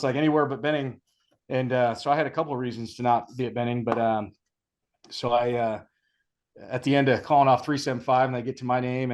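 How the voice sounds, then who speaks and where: A laid-back retired Ranger sergeant major, appearing as a podcast guest, tells army stories in a mid-range voice. He's relaxed, laughs, and acts out the sergeants he quotes.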